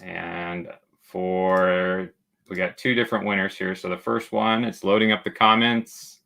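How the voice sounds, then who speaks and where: A man's voice: low voice, fairly even intonation, unhurried, vocal fry, bright, forceful tone. A man hosting a casual travel livestream, chatty and joking as he reads viewer comments aloud. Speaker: travel channel host.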